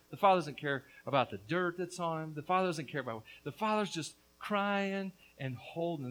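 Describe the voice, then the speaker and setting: High-voiced man preaching a sermon. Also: poor audio. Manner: swings between hushed and loud; earnest with casual asides. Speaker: pastor.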